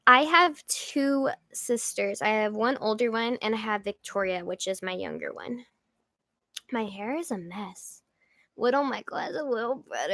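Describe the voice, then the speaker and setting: A woman's voice: fairly high pitch, lively intonation, normal speed, sharp tone, dry recording. A young woman hosting a casual livestream, chatting and rambling with jokey asides as she reads viewer comments. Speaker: livestream host.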